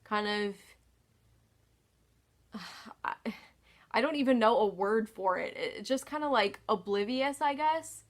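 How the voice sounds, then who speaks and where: A woman's voice: fairly high pitch, measured pace, long pauses. A woman vlogger telling a story in a casual, exasperated way, sighing often and swearing freely.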